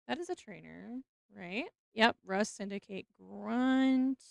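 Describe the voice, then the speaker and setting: A young woman streaming as she opens trading cards, talking casually, mumbling nervous asides and breaking into excited squeals. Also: mid-range voice, slow, creaky, smooth, no echo, clean studio sound. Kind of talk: casual card-opening stream chat.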